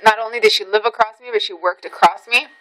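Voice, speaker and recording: A woman vlogger casually telling a personal story, swearing freely and jumping high in pitch at the tense parts. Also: quick pace, a little hiss or hum, poor audio. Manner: animated, swearing, voice jumps high when reliving tense moments.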